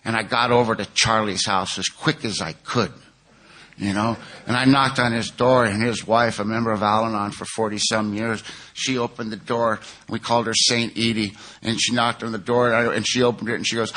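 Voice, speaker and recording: Man, californian, recovery testimony, earnest storytelling, lowish pitch, bright forceful tone. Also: steady tone, normal speed. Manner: earnest, plain-spoken storytelling. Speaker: speaker at a 12-step conference.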